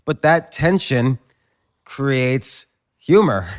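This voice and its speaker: A man hosting an interview, reflective and halting, building his questions slowly. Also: medium pitch, animated. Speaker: podcast host, interviewer. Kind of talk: conversational interview.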